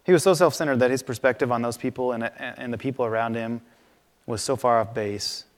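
A man's voice: mid-range voice, brisk. Preaching man in a reverberant hall. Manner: conversational, animated storytelling preaching. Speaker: pastor. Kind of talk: sermon. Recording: long reverb of a large hall.

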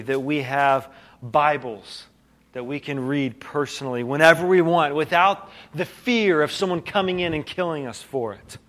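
A pastor with a slightly high voice preaches, weaving a story with dramatic hushes and questions that rise. Phrases get repeated and restarted often.

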